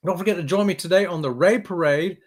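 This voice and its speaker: A man's voice: sits high, fast talker. A man hosting a casual live stream, rambling and chuckling as he talks to viewers by name.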